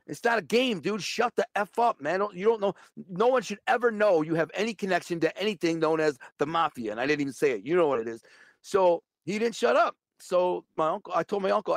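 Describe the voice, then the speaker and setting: Man, blunt, swears casually, higher voice, dry recording. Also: lively intonation, quick pace, dry recording. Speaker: guest telling a story. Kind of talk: casual storytelling.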